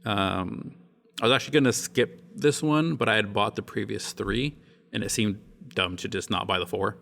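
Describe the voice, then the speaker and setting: A man's voice: fairly low pitch, moderate pace, creaky, a bit bright. A man hosting a book podcast, chatting casually and laughing often. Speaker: podcast host.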